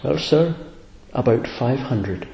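A man's voice: mid-range voice, lively intonation, slow, vocal fry, mellow, slight background noise. Guy doing a super polite scam caller voice, scripted patter, echoey room. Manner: overly courteous scripted patter.

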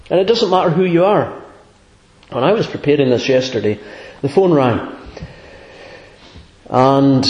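A man's voice: mid-range voice, darkish tone, dull audio. A man preaching a sermon in an earnest, conversational way, with sudden emphatic rises. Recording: echoey room.

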